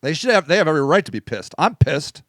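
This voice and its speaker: A man's voice: a little high, big pitch swings, fast talker, fairly bright tone, dry recording, studio quality. A man hosting a casual live-stream monologue, blunt and swearing, often asking "okay?". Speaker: host.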